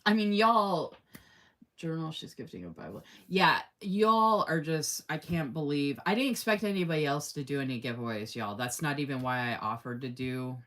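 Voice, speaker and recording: A woman's voice: sits low, expressive, normal speed, fairly bright tone. A woman hosting a casual live stream, chatty and effusive, laughing often and reading viewer comments aloud. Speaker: live-stream host running a giveaway.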